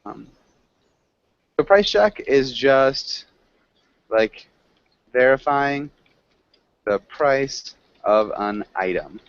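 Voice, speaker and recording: A man teaching an online English class, encouraging his students, laughing often and correcting them slowly. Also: mid-range voice, animated, clean tone, dry recording, dull audio.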